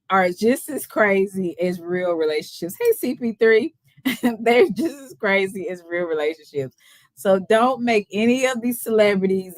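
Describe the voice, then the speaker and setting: A woman's voice: lowish voice, no room sound. Tipsy Texan woman chatting on a live stream. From Texas. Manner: laid-back, laughs often, greets viewers by name. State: a little tipsy. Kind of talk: casual live stream chat.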